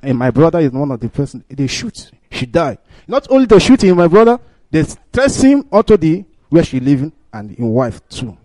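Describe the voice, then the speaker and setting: A man's voice: a little high, sing-song, normal speed, dark tone, no echo. A man from Imo State with a Nigerian accent, calling in to a radio meeting and speaking in earnest, broken English. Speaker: caller.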